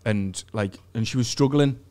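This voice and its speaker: A man's voice: medium pitch, moderate pace, a little mellow. A young man, a comedian, telling a sweary story in a casual chat, with frequent restarts. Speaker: comedian guest. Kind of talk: casual anecdote.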